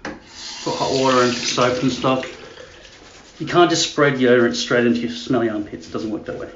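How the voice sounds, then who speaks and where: A man's voice: mid-range voice, moderate pace, fairly bright tone, a little hiss or hum. A man vlogging casually at home, joking and swearing as he rambles. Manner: crude, joking, mocking. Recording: echoey dull room sound.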